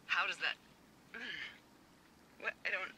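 An actress playing an anxious female radio supervisor in a video game, talking haltingly over a walkie-talkie. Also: fairly low pitch, bright, forceful tone, full character voice. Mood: shaken. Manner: halting, shaken, sighing. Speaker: game character. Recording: crackly radio, noisy game audio.

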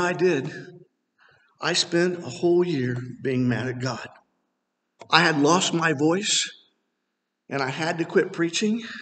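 A middle-aged male pastor preaching a sermon in a church, animated and rising to emphatic near-shouts. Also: a little high, gravelly. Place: church sanctuary. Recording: long hall reverb.

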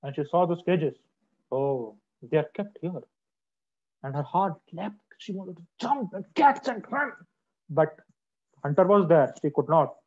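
A man telling a story to children in an expressive, dramatic way over a video call. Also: high-pitched, moderate pace, husky. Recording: dull lo-fi online call audio.

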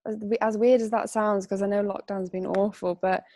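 A young woman chatting as an interview guest, her voice at an ordinary middle pitch. She talks loosely, with lots of fillers and frequent laughs, and she gets emotional. The sound is close and dry. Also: level tone, moderate pace, dark tone, no echo. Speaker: podcast guest. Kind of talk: casual interview chat.

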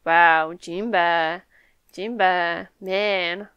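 Smooth-voiced excitable young woman reacting. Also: medium pitch, slow, pauses often, no room sound. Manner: excitable, swears freely, laughs often. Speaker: manga reaction video host. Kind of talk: live reaction while reading a comic.

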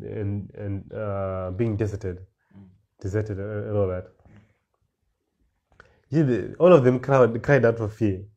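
A man preaches a sermon, reading scripture slowly before explaining it with rising emphasis and repeated words. His voice is on the low side and mellow.

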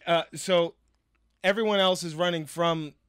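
Jokey, bright-voiced podcast co-host, a man. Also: high-pitched, steady tone, a little slow, smooth, no echo, studio quality. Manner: rambling, jokey, full of fillers. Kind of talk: casual chat.

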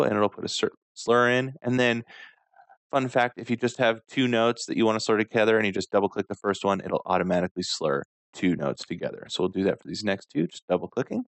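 Calm, fairly low-voiced male music instructor. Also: vocal fry, no room sound. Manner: calm step-by-step walkthrough. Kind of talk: screen-recorded software tutorial.

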